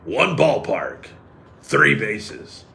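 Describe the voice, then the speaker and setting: A man's voice: on the low side, very slow, creaky. A man hosting a sports radio show, riffing and joking sarcastically in casual banter. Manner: animated, sarcastic, riffing jokes. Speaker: radio host.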